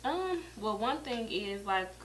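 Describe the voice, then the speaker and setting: A woman's voice: mid-range voice, big pitch swings, slow, fairly bright tone, slight background noise. A woman makeup artist guesting on a casual talk show, thoughtful and a little hesitant. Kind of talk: casual chat.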